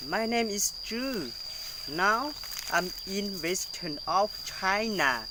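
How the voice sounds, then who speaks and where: Very slow Lao-accented man, loud crickets behind. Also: sits high. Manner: halting learner English. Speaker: weather presenter. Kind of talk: student role-play weather report. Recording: loud outdoor noise with crickets.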